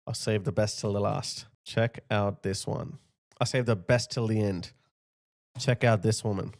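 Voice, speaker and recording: A man's voice: fairly even intonation, measured pace, darkish tone. A man giving mocking reaction commentary on clips, now and then mimicking people he mocks. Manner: scornful, mocking, mimics others in a high voice. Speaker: political commentator.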